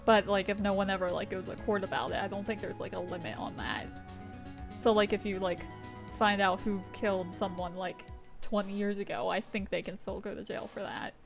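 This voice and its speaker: A woman's voice: mid-range voice, a little fast, vocal fry. A young woman streaming a game, chatting casually in a rambling, filler-heavy way and laughing often, with faint game music behind her. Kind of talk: casual gameplay commentary, reading game text aloud.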